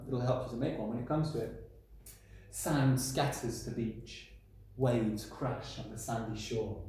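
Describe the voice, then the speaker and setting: A male primary school teacher giving a recorded lesson to children at a whiteboard. He talks in an animated, playful way and puts questions to the pupils. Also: mid-range voice, a little hiss or hum. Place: classroom by a whiteboard. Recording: echoey room.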